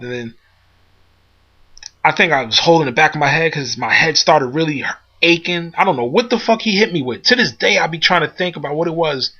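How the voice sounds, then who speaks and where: A man tells a personal story in a loose, rambling way, full of fillers and restarts. His voice is bright and a little high. The recording is somewhat dull and lo-fi. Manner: rambling, repeats himself with many fillers. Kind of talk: casual spoken anecdote.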